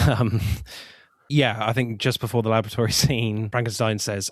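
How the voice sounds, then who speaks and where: A man's voice: lowish voice, steady tone, moderate pace, no room sound, studio quality. A man co-hosting a casual film podcast, laughing often as he chats. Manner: giggly, laughs often, acts out film quotes. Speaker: podcast co-host.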